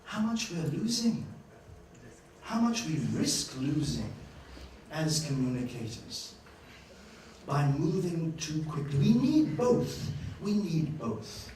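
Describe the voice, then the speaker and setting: A man giving a lively master-class lecture at a journalism school, playful and questioning his audience. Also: fairly high pitch, slow pace, pauses often, a little hiss or hum. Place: university lecture hall. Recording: echoey hall, distant mic, faint ambience.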